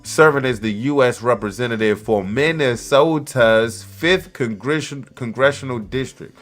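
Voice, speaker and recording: A man with a middle-pitched voice riffs loudly and excitedly, mixing slang and side jokes with stretches of reading aloud. Faint music plays quietly in the background. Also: normal speed. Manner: loud, excitable, slangy, jokey asides to viewers. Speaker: commentary podcaster. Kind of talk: casual commentary, reading articles aloud.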